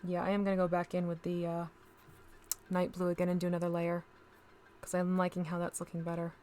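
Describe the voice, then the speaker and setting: A woman's voice: fairly low pitch, completely flat delivery, fairly quick, a little mellow, a little hiss or hum. A woman hosting a casual live stream, chatting to viewers as she paints miniatures and talks through each step.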